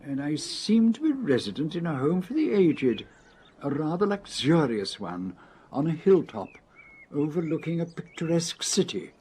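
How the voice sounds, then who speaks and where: A man's voice: fairly high pitch, big pitch swings, normal speed, a little mellow, breathy edge. An actor playing a courteous, forgetful man in his eighties in a radio comedy, talking hesitantly and genteelly. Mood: bemused. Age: 80s. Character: forgetful elderly man, 80s, mild and courteous.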